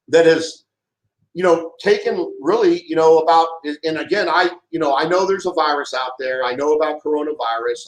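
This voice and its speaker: A man's voice: fairly high pitch, echoey room, low-quality recording. A middle-aged man delivering an impassioned monologue, heated and emphatic, often repeating himself. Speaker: vlogger giving a political rant.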